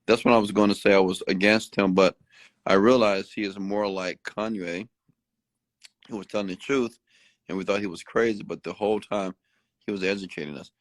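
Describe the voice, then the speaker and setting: A motivational host in Houston gives a late-night rant at normal speed, with no echo on the recording. He is animated and preachy, repeating phrases for emphasis and now and then leaping into high-pitched outbursts to mimic other people.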